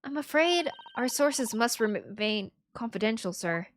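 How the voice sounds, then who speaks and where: A woman's voice: fairly high pitch, expressive, slight background noise. A woman reading a polite, formal young assistant. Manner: formal, measured. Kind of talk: reading game dialogue aloud.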